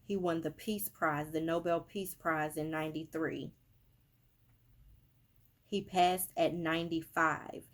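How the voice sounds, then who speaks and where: A woman's voice: low voice, fairly even intonation, takes it slowly, long pauses. Woman, casual emphatic medium monologue. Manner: emphatic, repetitive, with many fillers. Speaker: spiritual medium. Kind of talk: casual social media monologue.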